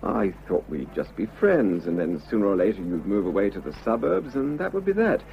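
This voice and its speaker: An actor playing an unhappily married man who confesses his love, earnest and halting, in a vintage radio drama. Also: lowish voice, very animated, vocal fry, a little hiss or hum. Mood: earnest pleading. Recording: dull lo-fi old radio recording.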